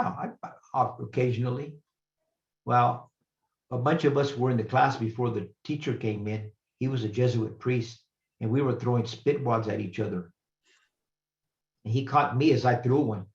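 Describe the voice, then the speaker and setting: An older man, a retired professor, giving an earnest, reflective talk as a guest speaker, pausing and restarting as he shares a personal story. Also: mid-range voice. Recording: roomy, slightly muffled recording.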